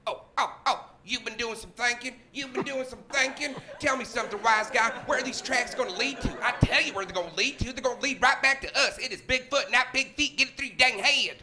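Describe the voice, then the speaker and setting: A man's voice: very high-pitched, a little fast, hardly any pauses, noisy background, pitched above the performer's own voice. A man voicing a bossy backwoods hoaxer who sarcastically scolds his partner. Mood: scolding. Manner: exasperated, sarcastic.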